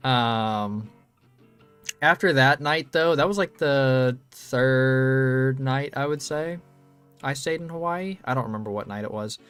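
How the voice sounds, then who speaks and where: A young man in casual chat, spinning a story at a loose, meandering pace. He swears easily and fills pauses with ums. Faint guitar music plays in the background. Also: medium pitch, fairly bright tone, smooth. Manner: rambling, loose, swears freely, many ums. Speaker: streamer.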